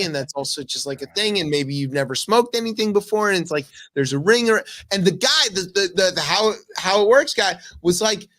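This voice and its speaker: A man hosting a comedic news talk show, telling stories excitedly with many restarts. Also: high-pitched, fairly quick, few pauses. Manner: excited storytelling full of restarts. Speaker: radio show host.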